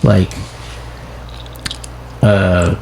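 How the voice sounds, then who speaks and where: A low-pitched man with a gravelly, fry-heavy voice rambles through casual podcast talk. He swears freely and restarts his sentences often, with a faint hiss under the recording. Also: level tone, drawn-out words, darkish tone. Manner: rambling, profane, full of restarts. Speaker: podcast co-host and comedian.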